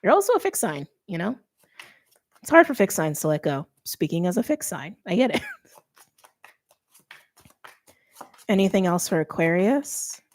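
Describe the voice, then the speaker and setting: A woman's voice: medium pitch, sing-song, a little slow, pauses often. A middle-aged woman giving a casual tarot reading, chatty and thinking aloud with many fillers. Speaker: tarot reader.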